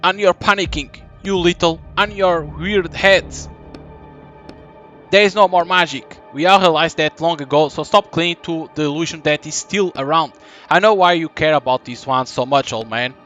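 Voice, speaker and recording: A man's voice: a little high, normal speed, a bit bright, muffled recording, faint music behind, close to an everyday voice. A man voicing an angry young man who threatens to break a wand, read aloud plainly over a game. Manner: reads the dialogue aloud plainly.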